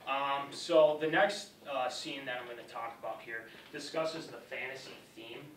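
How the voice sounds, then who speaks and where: A young man talks through a class presentation in a casual, rambling way, and his voice is bright. The sound is roomy and echoey, picked up by a camera from across the classroom, with a faint hiss behind it. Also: medium pitch, moderate pace, distant mic. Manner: casual, rambling, loose phrasing. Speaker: student presenter.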